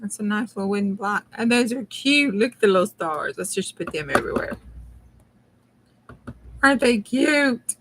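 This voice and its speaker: A middle-aged crafting channel host with a Southern US accent chats casually with viewers during her crafting livestream, laughing often. Her medium-pitched voice is expressive and moves at normal speed, with frequent pauses. The background is noisy.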